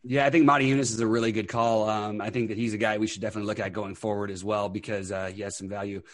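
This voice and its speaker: A man's voice: lowish voice, level tone, dry recording. A man hosting a fantasy sports podcast over an internet call, upbeat and full of fillers. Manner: quick, upbeat, many fillers. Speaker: podcast host.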